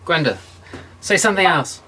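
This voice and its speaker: A man's voice: high-pitched, animated, slight background noise. A man hosting a casual online chat show, greeting viewers by name in an upbeat, chatty way. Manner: chatty, upbeat, quick shout-outs to viewers. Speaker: host. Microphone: video call.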